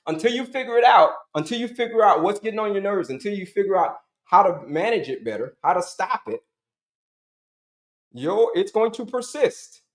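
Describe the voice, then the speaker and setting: A man's voice: high-pitched, animated, moderate pace, reverberant. A middle-aged man giving an emphatic, repetitive health coaching talk, asking and answering his own questions to the audience.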